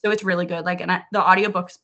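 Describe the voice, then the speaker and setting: A woman from New Orleans chatting casually on a podcast, animated, swearing freely and acting out her own reactions as she talks. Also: fairly low pitch, rapid-fire, muffled recording.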